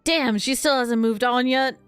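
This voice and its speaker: Woman streamer, casual let's-play chat, jokey, swears, higher voice, game music. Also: unhurried, fairly bright tone, smooth, no echo. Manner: joking, swears freely.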